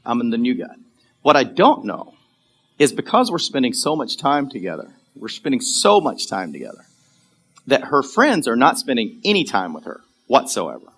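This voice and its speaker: A man preaching in church, telling a personal story in a casual, animated way with frequent fillers and laughs. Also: mid-range voice, normal speed, slightly rough. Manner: animated storyteller, acts out characters, laughs often. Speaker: pastor. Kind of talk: sermon storytelling. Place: church sanctuary.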